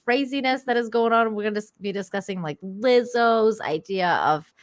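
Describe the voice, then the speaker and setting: A woman's voice: a little high, normal speed, dry recording, studio quality. Rambling Canadian woman guest. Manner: rambling, many restarts. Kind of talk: casual chat.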